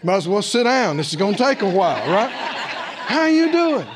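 A male preacher delivering a sermon in an animated way, chuckling often and stretching words for emphasis. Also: sits high, fast, noisy background.

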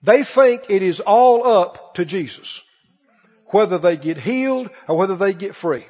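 A man's voice: high-pitched, lively intonation, measured pace, darkish tone. A man preaching a sermon with passion, acting out pleading prayers and the lines of scripture. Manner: impassioned, acts out pleading prayers and quotes. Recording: dull sound in a reverberant hall.

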